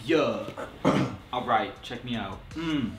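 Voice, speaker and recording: Chill young guy talking slow, a bit far from the mic, echoey. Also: mid-range voice, expressive, a little hiss or hum. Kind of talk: casual chat.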